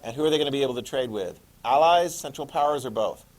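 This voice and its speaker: A man's voice: mid-range voice, fast. Chatty male history teacher lecturing a class. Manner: chatty, asks the class questions and jokes.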